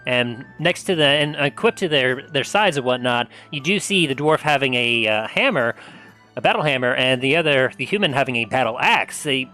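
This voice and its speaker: A man's voice: medium pitch, expressive, normal speed, bright, forceful tone, soft background music. A man narrating a tabletop game as game master, rambling with many fillers.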